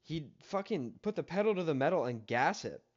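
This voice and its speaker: A young man, a story-time vlogger, tells a casual story about a coworker, rambling and exasperated and swearing plenty. His voice is fairly high, animated and brisk, with a lo-fi sound.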